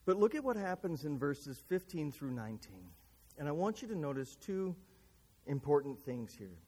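A man's voice: on the high side, sing-song, moderate pace, warm tone, husky, long reverb tail. A man preaching a sermon, retelling a scripture story earnestly and pressing his listeners with rhetorical questions.

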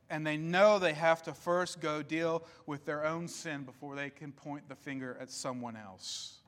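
A man delivers a sermon from the pulpit of a church sanctuary, his fairly high voice rising and falling in an emphatic, repeating cadence. He speaks slowly and leaves dramatic pauses between phrases. The sound carries a long, reverberant hall tail. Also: fairly bright tone. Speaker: pastor.

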